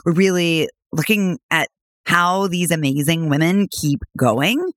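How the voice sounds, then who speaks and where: A woman's voice: lowish voice, measured pace, a bit bright, no room sound, studio quality. A woman podcast host and coach in casual chat, bubbly and laughing often, with a cold. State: has a cold.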